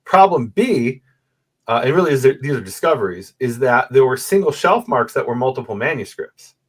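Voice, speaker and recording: A man talks through his research as a guest on a video call, mid-pitched and animated. He explains step by step and keeps checking in with his listener. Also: normal speed, slightly rough. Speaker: guest, Bible manuscript scholar. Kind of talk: explanatory conversation. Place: room with a bookshelf photo backdrop.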